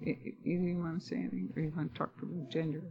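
High-voiced easygoing man moderating. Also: flat delivery, rapid-fire, creaky, dark tone, lo-fi sound. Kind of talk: panel discussion.

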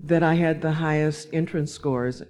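A woman from Alabama speaks as a panelist. She tells a personal story at an unhurried pace, wry and measured, with a dry humor that carries through her telling. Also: deep voice, fairly even intonation, a little mellow.

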